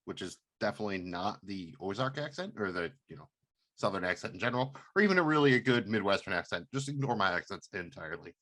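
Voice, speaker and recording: A man co-hosting a casual podcast, talking in a relaxed, rambling way. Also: lowish voice, fast talker. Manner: relaxed, rambling, lots of fillers. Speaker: podcast co-host.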